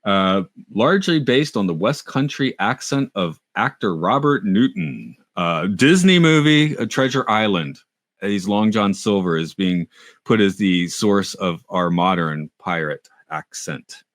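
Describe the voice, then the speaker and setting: Low-voiced man rambling in casual chat. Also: lively intonation, measured pace, fairly bright tone, no room sound, clean studio sound. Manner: rambling, self-mocking, frequent restarts. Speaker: podcast co-host.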